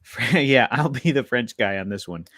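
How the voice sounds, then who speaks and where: A man's voice: medium pitch, expressive, moderate pace, a bit bright, no echo, clean studio sound. A man hosting a podcast in casual comedic chat, playful, laughing often and rambling through restarts. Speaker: podcast co-host.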